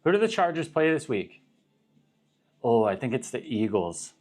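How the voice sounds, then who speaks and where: A man's voice: mid-range voice, sing-song, normal speed, a little mellow, soft background music. A young man from Arizona talks loosely through a livestream Q and A, trailing off mid-thought and dropping curses as he goes. His voice sits in an ordinary middle range. He keeps it casual and conversational. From Arizona, USA. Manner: rambling, profane, self-interrupting. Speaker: livestream host.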